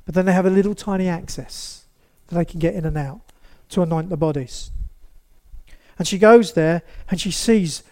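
A man's voice: high-pitched, normal speed. A man preaching a sermon to a congregation in a church, talking to them directly and acting out little scenes as he goes. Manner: animated, acts out quotes, addresses the congregation directly.

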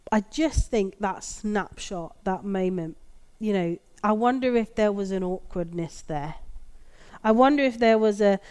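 A woman preaching a sermon, reflective and gently emphatic, reading scripture aloud. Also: medium pitch, clear, resonant tone.

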